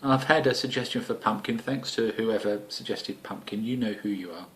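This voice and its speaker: Essex bloke, homebrew vlog host, lowish voice, cheeky jokey delivery. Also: male voice, moderate pace. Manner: cheeky, jokey, lots of fillers and swearing. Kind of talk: casual chat to camera.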